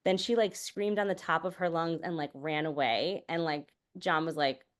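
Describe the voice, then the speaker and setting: Woman, low pitched, candid podcast chat, lots of "like" and "you know", swears casually. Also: normal speed. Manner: candid, swears freely, storytelling; many fillers like "like" and "you know". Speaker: podcast guest.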